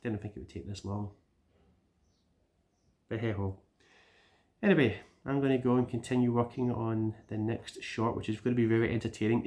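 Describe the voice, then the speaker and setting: A man's voice: mid-range voice, a little mellow. A Scottish man giving a casual vlog update, rambling, with repeated words and restarts. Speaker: gaming YouTuber.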